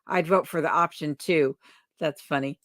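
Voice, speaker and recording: A woman hosts a casual live Q&A and greets her viewers one by one. She reads their comments aloud in a friendly, chatty way. Her voice sits a little low and sounds dry and close. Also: steady tone, normal speed, fairly bright tone, no echo. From lives in Alaska. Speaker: livestream host.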